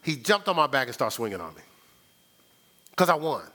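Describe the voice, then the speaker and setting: A man's voice: mid-range voice, normal speed. An older man preaching a sermon as pastor, telling stories in a conversational way and talking straight to the congregation. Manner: animated storytelling, sound effects and laughter; conversational, addresses the congregation directly.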